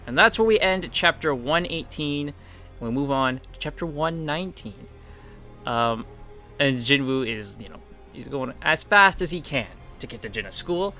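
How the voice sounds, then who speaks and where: A young man walks through comic chapters in a loose, chatty recap, dropping fillers and bouncing his pitch to act out the characters. His voice sits a little high and sounds bright and forceful. Faint music plays underneath. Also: normal speed. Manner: animated retelling with frequent fillers, acting out quotes in different pitches. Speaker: manhwa reviewer.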